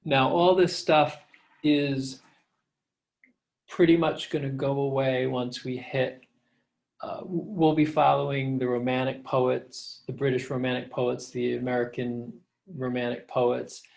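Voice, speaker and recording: A middle-aged man lecturing as a professor over a slideshow, relaxed and conversational, with fillers, reading verse slowly to show its rhythm. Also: medium pitch, vocal fry. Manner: reads verse lines slowly to show the meter.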